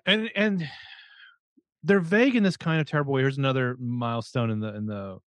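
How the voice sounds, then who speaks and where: A man's voice: medium pitch, fairly quick, dry recording. A man co-hosting a podcast, snarky and sarcastic, swearing freely while recapping a TV episode. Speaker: podcast co-host. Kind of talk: casual chat recapping a TV episode.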